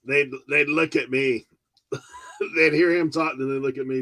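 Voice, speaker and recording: A man's voice: mid-range voice, a little slow, poor audio. A man co-hosting a casual chat, telling stories with lots of laughter. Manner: storytelling, animated, laughing. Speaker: podcast co-host.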